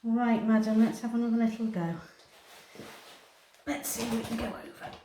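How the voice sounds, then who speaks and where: A woman, a cat groomer, soothing the cat in gentle cooing words and explaining her work as she goes. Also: on the high side, fairly even intonation, normal speed. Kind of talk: talking through a grooming session. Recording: roomy echoey grooming room.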